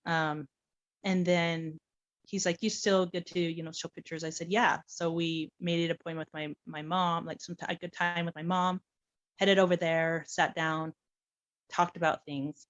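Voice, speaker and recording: A woman's voice: fairly low pitch, normal speed, lo-fi sound. A woman casually telling her own adoption story, acting out the dialogue with lots of animation. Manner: animated, acts out quoted dialogue, laughs often.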